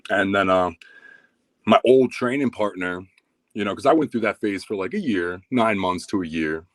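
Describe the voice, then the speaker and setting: A podcast guest in his thirties recounts a story at a moderate pace, chatting casually and cursing a lot. The recording is dry, and his animated, profane style gets louder and higher-pitched whenever he's excited.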